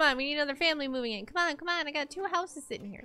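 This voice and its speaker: A young woman with a high, animated voice talks her way through a game for her stream, joking at her own expense and looping words over and over. Her tone is bright and sharp, with faint music running underneath. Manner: chatty, self-mocking, repeats words in rapid loops. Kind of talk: casual gameplay commentary.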